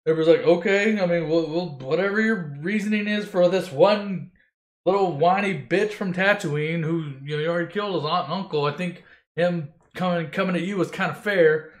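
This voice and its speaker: High-voiced man telling a crude movie recap. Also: a little fast, roomy sound. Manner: crude, rambling, swears constantly, mimics characters loosely. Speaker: storyteller. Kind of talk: profane comedic movie retelling.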